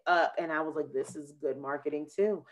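Low-voiced chatty woman podcast host. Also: a little fast. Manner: chatty, rambling storyteller; animated, acts out quotes. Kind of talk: casual chat.

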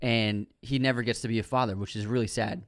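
A man's voice: on the low side, steady tone, fast, no echo. Man casually recapping a plot, dry sound. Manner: loose plot recap with fillers. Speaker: podcast co-host. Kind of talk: casual film review chat.

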